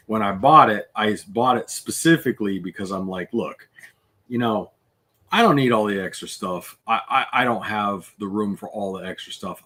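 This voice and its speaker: Low, husky man telling a story. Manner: storytelling, animated. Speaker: podcast co-host. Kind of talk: casual podcast chat.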